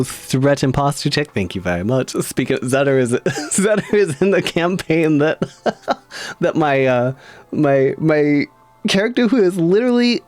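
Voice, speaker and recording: A man's voice: fairly high pitch, expressive, moderate pace, darkish tone, no echo, soft background music. A man streaming live, chatting casually and reading tarot cards, giggly and rambling with frequent laughs.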